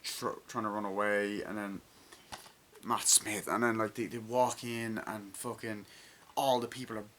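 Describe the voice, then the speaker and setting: Bright-voiced man rambling excitedly about a film. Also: lowish voice, a little slow, slight background noise. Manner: rambling, excited, frequent swearing and fillers. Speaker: movie reviewer. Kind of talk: casual spoken film review.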